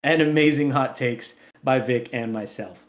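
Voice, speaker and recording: A man's voice: mid-range voice, normal speed. A man hosting a sports podcast, chatting casually and reading promos for the show in a playful, upbeat way. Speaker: podcast host.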